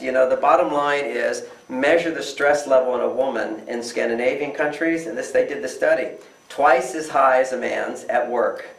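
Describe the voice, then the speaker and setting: A man's voice: mid-range voice, gravelly. An older man, a relationship author answering interview questions with emphatic delivery who often acts out quoted voices. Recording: echoey room, distant mic.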